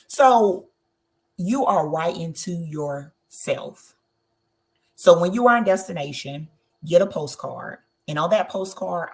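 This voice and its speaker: A woman from Southern Georgia, USA, with a fairly low, gravelly voice and a Southern country accent gives travel tips in a webinar. She's encouraging and checks in with her audience again and again by asking "okay?"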